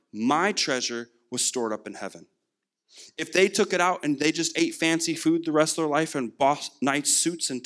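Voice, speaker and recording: During his sermon, a young man preaching as a guest recounts something from his own life, voicing each character's lines in turn. His voice is a little high and a bit bright.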